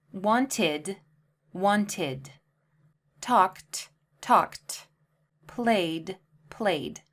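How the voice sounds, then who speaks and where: A woman teaching English pronunciation, saying example words slowly and clearly one at a time. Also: medium pitch. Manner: slow, deliberate enunciation of example words. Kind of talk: pronunciation lesson.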